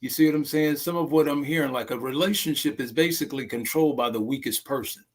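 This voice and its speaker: A man's voice: medium pitch, quick pace. A man who runs domestic violence classes, speaking emphatically to a discussion group and often checking that listeners follow him.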